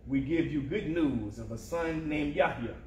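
A man's voice: a little high, a little slow, slight background noise, natural voice. A man voicing a pious older woman traveler. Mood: measured. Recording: roomy echo.

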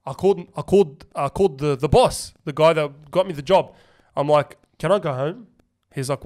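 A young Australian man hosting a podcast, telling a story in animated, slangy casual chat full of swearing. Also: fairly high pitch, fairly quick. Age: young adult. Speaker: podcast host.

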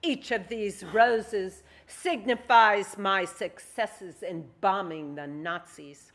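A woman's voice: medium pitch, slow, fairly bright tone. Lady putting on a tough young soviet woman pilot, thick russian accent, proud, raised voice. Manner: proud, matter-of-fact.

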